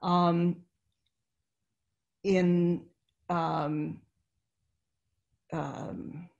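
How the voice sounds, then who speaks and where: An older woman giving an online webinar lecture, explaining step by step with pauses, fillers and restarts. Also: on the low side, flat delivery, vocal fry, darkish tone, muffled recording. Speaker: neuroscience lecturer. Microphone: computer mic on video call.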